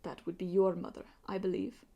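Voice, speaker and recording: A woman's voice: on the low side, a little fast, mellow, highs cut off, lightly acted. A woman reading an audiobook and voicing a bitter, arrogant male pirate villain who sneers and drops into hissing whispers. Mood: sneering.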